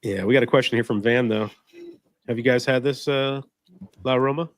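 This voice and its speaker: A man co-hosting a casual chat, easygoing and quick to laugh along. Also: mid-range voice, fairly even intonation, dry recording.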